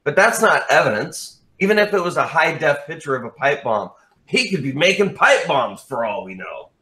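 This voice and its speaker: A man as an interview guest in casual chat, telling a story in an animated way and swearing freely. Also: on the high side, normal speed.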